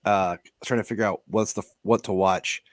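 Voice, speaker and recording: A man's voice: fairly low pitch, steady tone, brisk, dry recording, clean studio sound. A man chatting casually as a guest, rambling with lots of fillers. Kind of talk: casual chat.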